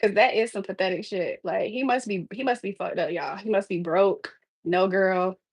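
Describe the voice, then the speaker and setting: A woman's voice: medium pitch, normal speed, slightly rough, dry recording, poor audio. A young woman chats on a livestream as she cooks, answering her chat in a sassy, teasing way. Her voice is close to the mic and dry, with no room around it. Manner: sassy, talks back to the chat. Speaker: live streamer. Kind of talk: casual livestream chat while cooking.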